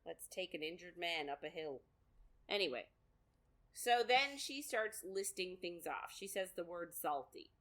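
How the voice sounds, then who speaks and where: A woman's voice: on the low side, expressive, unhurried, a bit bright. A woman co-hosting a podcast, chatting casually through a book recap with lots of fillers and quoted asides. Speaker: podcast co-host.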